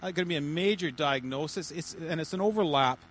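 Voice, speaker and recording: A man, a pastor, giving informal teaching to a small church group in a halting, chatty way, with many repeated words and restarts. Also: on the high side, fairly bright tone, slight background noise, low-quality recording. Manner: chatty, jokey asides.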